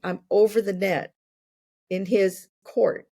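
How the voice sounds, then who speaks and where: A woman in her sixties, a podcast guest, explaining ideas through worked examples in a relaxed conversational way. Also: mid-range voice, a little slow. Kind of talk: conversational interview.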